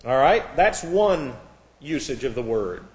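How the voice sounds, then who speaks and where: A man's voice: medium pitch, big pitch swings, slow pace, darkish tone. A man teaching a Bible class, lecturing with frequent restarts and spelling out words letter by letter. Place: church classroom. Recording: echoey room.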